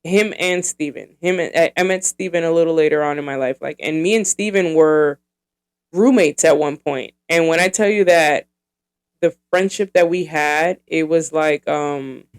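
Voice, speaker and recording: A woman in her thirties hosts her own podcast in a loose, rambling monologue. Her voice is smooth and clean. She swears freely and fills pauses with plenty of ums and likes. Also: sits low. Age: 30s. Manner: rambling and profane, heavy with fillers. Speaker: podcast host.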